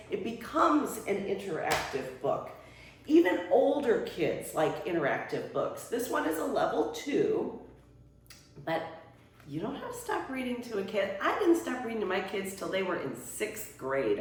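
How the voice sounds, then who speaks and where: An older woman, a retired children's librarian, demonstrating how to read aloud to kids in a workshop, with playful exclamations. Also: medium pitch. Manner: animated storytime voice, big swoops and playful exclamations. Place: workshop room. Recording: echoey room, voice from far off.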